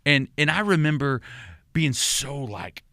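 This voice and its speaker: A man's voice: a little high, animated, measured pace, sharp tone, no room sound, studio quality. An older man with a Texan accent, a pastor and podcast guest, telling his story in an earnest, reflective way, with many restarts and repeated words. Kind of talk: conversational storytelling.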